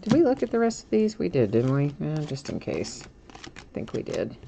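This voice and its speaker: A woman with a notably low voice hosts a live card break stream. She chats easily, teases herself and laughs often while stumbling over hard names. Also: huge pitch swings, normal speed, gravelly, mellow, a little hiss or hum. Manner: chatty and self-teasing, laughs often.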